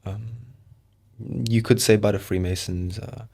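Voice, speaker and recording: A man talking as a podcast guest, animated and firing off rhetorical questions in casual conversation. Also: on the low side, a little slow.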